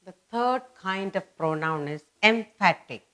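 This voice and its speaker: A woman teaches a children's grammar lesson at a very unhurried pace. She repeats words and phrases several times and stresses the key terms so young learners can follow. Her voice sits at an ordinary middle pitch. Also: lively intonation, a bit bright. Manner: repeats words and phrases slowly and deliberately for emphasis.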